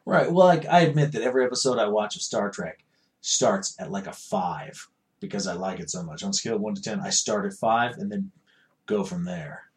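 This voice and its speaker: A man co-hosting a casual podcast, profane and animated, acting out dialogue in quick bursts. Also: fairly low pitch. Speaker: podcast co-host.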